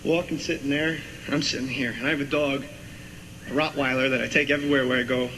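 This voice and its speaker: A man, a comedian guest, telling a funny anecdote in an animated and emphatic way. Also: mid-range voice, fast talker. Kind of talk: comic anecdote. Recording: loud noisy background.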